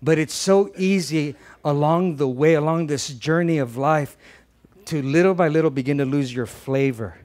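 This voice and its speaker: A male pastor delivers a sermon in a lively, conversational way, frequently repeating words and shifting between loud emphasis and quiet asides. His voice sits somewhat high, and he speaks at a moderate pace.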